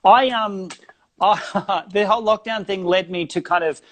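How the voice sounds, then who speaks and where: A man plays a sardonic felt puppet comedian with an Australian accent, pitched rather high. He banters in a dry, self-mocking way, wandering off into asides. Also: unhurried, a bit bright. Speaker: guest comedian.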